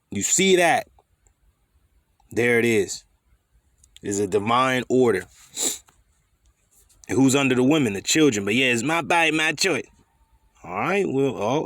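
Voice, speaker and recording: A preacher with a medium-pitched voice teaches scripture in a fiery, scolding way, swearing freely and firing off rhetorical questions. The studio sound is clean, with no room sound.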